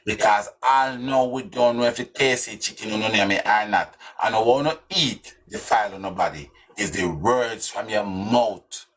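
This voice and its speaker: A man's voice: fairly low pitch, normal speed, few pauses, a bit bright. A man with a Jamaican accent giving casual commentary on an interview clip, scornful and mocking, full of rhetorical questions.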